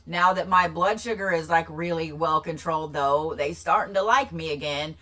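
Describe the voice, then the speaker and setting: A woman hosting a casual livestream, rambling and repeating herself with sudden excitable bursts. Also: low-pitched, normal speed, hardly any pauses. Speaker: livestream host.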